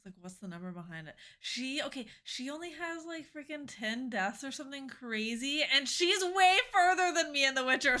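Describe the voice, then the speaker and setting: A young woman chatting casually with viewers during a game live stream, bubbly and quick to laugh. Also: high-pitched, animated, bright, forceful tone.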